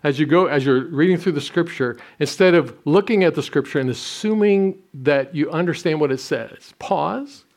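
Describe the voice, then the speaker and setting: A man's voice: fairly high pitch, normal speed, few pauses, a little mellow. Storytelling pastor in his sixties. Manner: storytelling, self-deprecating humor, frequent restarts. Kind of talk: sermon.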